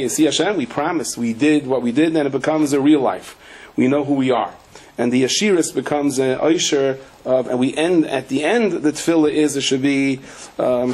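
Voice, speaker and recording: The audio is poor, but the man's medium-pitched voice is darkish and slightly rough. He is a rabbi teaching a Torah class in sermon style, threading funny stories through the lesson and performing the voices of those he quotes.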